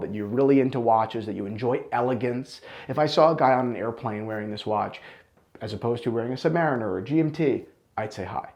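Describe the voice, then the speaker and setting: Animated gravelly-voiced man reviewing watches. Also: mid-range voice. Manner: animated, blunt and enthusiastic. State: out of breath. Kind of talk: opinionated collection review.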